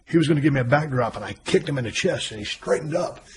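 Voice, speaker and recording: A podcast host who used to wrestle leads a casual interview, telling stories in a relaxed, chatty way. His voice sits a little high, with lively intonation and a quick pace, and crowd noise fills the background.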